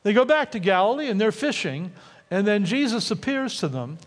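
A man's voice: high-pitched, moderate pace, big-room sound. A man preaching a sermon in a church, acting out quotes by raising and dropping his voice. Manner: animated, acts out quotes with rising and dropping voice. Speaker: pastor. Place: church sanctuary.

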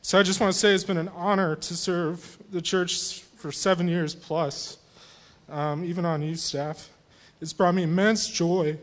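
A man with a notably high voice speaks to a church congregation, saying goodbye as youth group leader. His delivery is casual and humorous, chatty rather than polished. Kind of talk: farewell speech to a congregation.

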